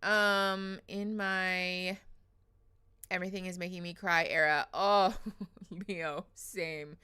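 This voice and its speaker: A woman's voice: on the low side, steady tone, slow, sharp tone, clear, resonant tone. A woman hosting a casual livestream, chatty and emotional, reading viewers' names aloud with frequent laughs. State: teary after crying. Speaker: livestream host.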